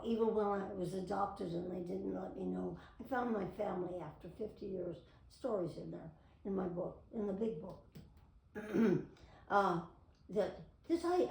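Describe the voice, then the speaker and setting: A woman's voice: mid-range voice, measured pace, gravelly, darkish tone. Woman in her 90s, former voice actress, chatty storyteller; roomy echo, mic set back. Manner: chatty, with theatrical read-aloud passages. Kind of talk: casual storytelling to camera. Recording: echoey room, mic at a distance.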